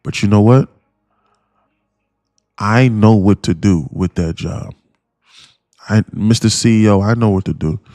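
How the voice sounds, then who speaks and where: A man putting on a stubborn, overconfident male trader who defends his own way and insists he knows best. His voice is low, and the sound is dry and close. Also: a little slow, long pauses, dark tone, no room sound.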